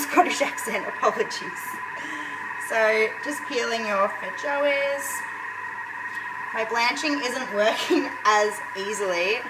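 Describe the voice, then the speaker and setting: A woman chats to her viewers as she cooks live in her home kitchen. Her voice sits high, and her talk is easy and conversational. The live stream carries clear background noise. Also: distant mic. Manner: chatty, talks to viewers while cooking. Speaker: home cook hosting a live cooking video. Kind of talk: live cooking demonstration, chatty.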